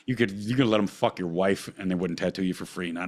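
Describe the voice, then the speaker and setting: Profane, heated man ranting. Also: fast talker. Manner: heated, swearing constantly, swings between low mutters and loud outbursts. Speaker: podcast host.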